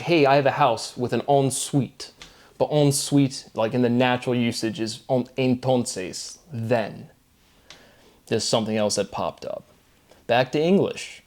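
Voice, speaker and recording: A man hosting his own channel, thinking out loud about word logic. He talks in a loose, rambling way with many fillers and restarts. His voice sits at a middle pitch for a man. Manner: loose, filler-heavy, wordplay-driven musing. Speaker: solo channel host.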